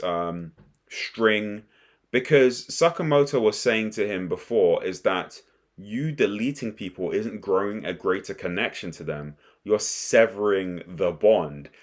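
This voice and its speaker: A young man casually recapping and reacting to an anime episode, rambling and excitable with frequent restarts. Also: fairly low pitch. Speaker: anime commentator.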